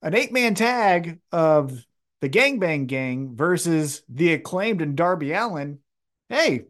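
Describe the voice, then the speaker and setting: A man's voice: a little high, lively intonation, takes it slowly, fairly bright tone. A man co-hosting a casual wrestling podcast, talking animatedly with plenty of swearing and acting out quotes in raised voices. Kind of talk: casual chat.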